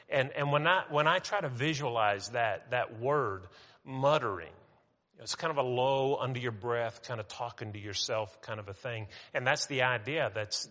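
A man preaching a sermon as pastor, talking in a conversational way with restarts, and slowing down for emphasis. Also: mid-range voice, a bit bright, long reverb tail.

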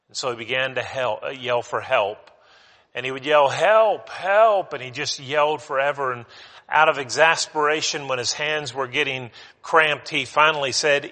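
A male preacher delivering a sermon in a relaxed, conversational way, restarting phrases as he goes. His voice is bright and forceful at a mid pitch. A long reverb trails after him in the church auditorium. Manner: conversational, with frequent restarts and fillers.

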